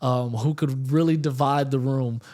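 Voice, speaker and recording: A man who is a stand-up comedian, talking candidly and profanely in a casual podcast interview, telling stories with lively asides. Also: medium pitch, moderate pace. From Puerto Rican roots, raised in the Bay Area.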